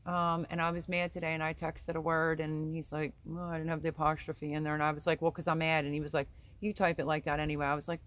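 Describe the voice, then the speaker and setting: A middle-aged woman hosting a homestead channel's live stream reads viewer comments aloud, chatting and rambling while laughing often. She talks fast with hardly any pauses, in a low, fairly bright voice with a flat delivery.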